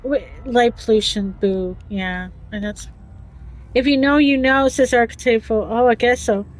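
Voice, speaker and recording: A woman's voice: fairly high pitch, unhurried, soft background music, poor audio. A woman hosting a casual livestream chat, talking chattily, giggling often and reading chat messages aloud. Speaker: livestream host.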